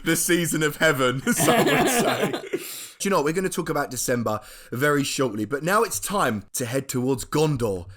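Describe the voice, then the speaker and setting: A man's voice: on the high side, sing-song, normal speed, a bit bright. A man hosting a podcast in casual chat, joking and teasing his co-hosts and laughing often. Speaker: podcast host.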